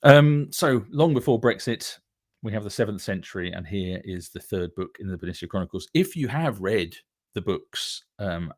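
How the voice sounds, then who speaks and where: Rambling low-voiced man, lots of ums. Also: animated, normal speed, no room sound, clean studio sound. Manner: rambling, many fillers and restarts. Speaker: author. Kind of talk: casual chat.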